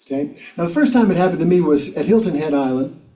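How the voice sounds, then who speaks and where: A fast-talking older man from South Carolina, with a fairly high, mellow, animated voice, entertains a congregation with personal stories as a guest speaker. He's wry and self-mocking, full of chuckles and filler words, heard from afar in a roomy community meeting hall.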